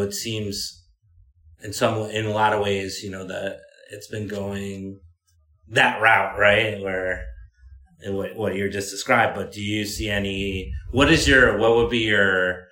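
A man with a low voice asks slow, halting questions as a podcast host, feeling his way toward each point. His tone is bright, and the sound carries the echo of a room. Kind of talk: interview questions. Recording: echoey room.

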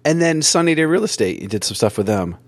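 A man's voice: on the high side, very animated, fast, no room sound. A man hosting a podcast, asking long rambling questions that stack several at once. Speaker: podcast host. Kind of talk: casual interview chat. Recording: dry podcast audio.

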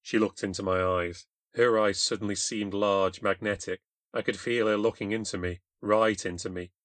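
British male narrator for a ghost story, low-pitched, dry booth sound, wry and confessional. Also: fairly even intonation, moderate pace, fairly bright tone, dry recording. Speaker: podcast host and narrator. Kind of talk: scripted first-person storytelling.

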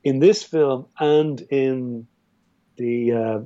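Irish man with a dark, muffled voice. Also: medium pitch, drawn-out words. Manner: rambling, with many restarts and fillers. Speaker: filmmaker, podcast guest. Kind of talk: casual film discussion. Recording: dull, muffled audio.

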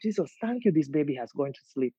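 A woman voicing a warm, comforting older Gambian grandmother with a Gambian accent, heard on a dull, lo-fi recording. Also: sits low, expressive, fast talker, slightly rough, no room sound, heavily acted. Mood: grateful. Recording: dull lo-fi sound.

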